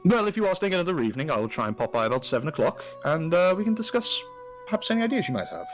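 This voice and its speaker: A man's voice: on the high side, big pitch swings, racing. A man voicing a jovial, scheming male town official who hedges and trades favours. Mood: chummy. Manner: chummy, hedging, fond of favours. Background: faint background music.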